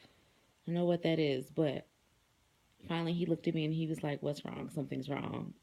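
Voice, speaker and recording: A woman's voice: deep voice, fairly even intonation, moderate pace, dark tone. An adult woman with kids, talking casually to her viewers in a rambling vlog with lots of fillers. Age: adult, married with children. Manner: chatty, rambling, many fillers. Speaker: vlogger.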